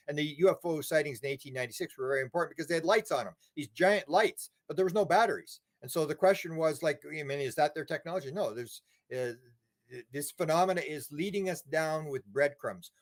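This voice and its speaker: Male interview guest, slightly higher voice, rambling, acts out quoted voices. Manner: rambling storyteller, repeats words, acts out quotes. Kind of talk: casual interview talk.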